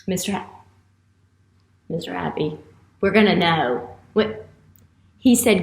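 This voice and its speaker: A woman teacher leading a playful morning message for young students, with an animated, exaggerated manner. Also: mid-range voice, a little slow, creaky, pauses often. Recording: echoey room.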